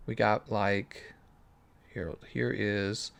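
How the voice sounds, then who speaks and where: A man's voice: on the low side, level tone, drawn-out words, gravelly. A man streaming a game live, chatting casually, joking, thinking aloud and answering his viewers' questions. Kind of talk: casual live-stream commentary while playing.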